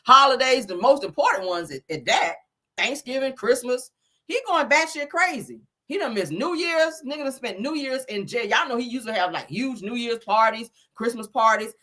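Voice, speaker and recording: A woman's voice: mid-range voice, bright, forceful tone. A woman hosting a casual celebrity gossip show, sassy and profane, calling listeners honey and child.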